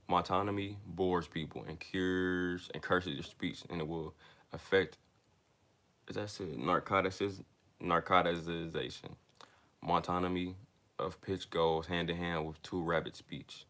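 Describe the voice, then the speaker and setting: This young man's voice is low-pitched and a bit bright as he reads a self-help book aloud. He reads haltingly, stumbling and restarting words, and throws casual asides to his listeners.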